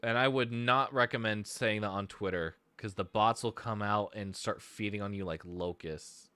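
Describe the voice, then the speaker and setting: Rambling low-voiced man streaming. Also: normal speed, bright, forceful tone, smooth, no echo. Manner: rambling, self-deprecating, thinks aloud while searching. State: sleep deprived. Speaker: streamer and musician. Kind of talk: casual live stream chat.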